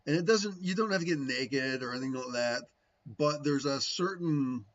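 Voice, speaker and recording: A man's voice: mid-range voice, normal speed, a bit bright, dull audio. A man talking casually to his viewers about spiritual practice, rambling and tagging his points with "right?". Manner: rambling, frequent "right?" tags, musing. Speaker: spiritual teacher answering viewers. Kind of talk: casual livestream talk.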